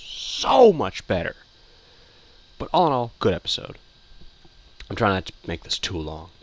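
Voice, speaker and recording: Low-voiced guy rambling thru a tv episode review at home, lots of ums and restarts. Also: a bit bright, a little hiss or hum. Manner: rambling, repeats himself, many fillers and restarts. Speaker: video reviewer. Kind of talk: casual opinion review.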